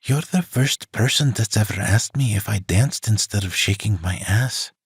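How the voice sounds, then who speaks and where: A quick-witted young woman dancer in a romance audiobook, read by a man in his own low voice. Her replies are playful and wry, with a husky edge. The sound is dry and close. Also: no room sound.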